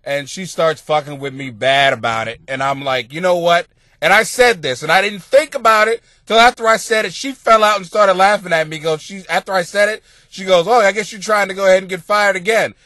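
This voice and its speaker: Profane, high-pitched man telling a story. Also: fairly quick, bright, forceful tone, dry recording, clean studio sound. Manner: profane, laughs through his own story. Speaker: podcast host and comic. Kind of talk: rambling comic storytelling.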